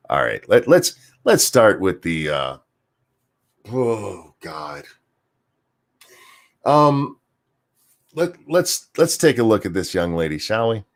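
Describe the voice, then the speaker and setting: A man's voice: fairly low pitch, big pitch swings, slow pace, pauses often. Sarcastic, swearing male commentary host. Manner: sarcastic, profane, stammering restarts. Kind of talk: ranting commentary stream.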